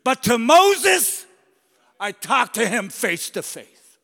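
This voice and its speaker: A man voicing God as a stern, commanding male deity, calling people by name and summoning them in a loud, booming voice. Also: fast, lightly acted. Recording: long church reverb.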